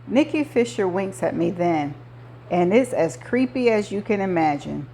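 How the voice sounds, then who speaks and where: A woman reading a novel aloud, narrating in the first person with measured delivery. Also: lowish voice, expressive, warm tone, slight background noise. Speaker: audiobook reader.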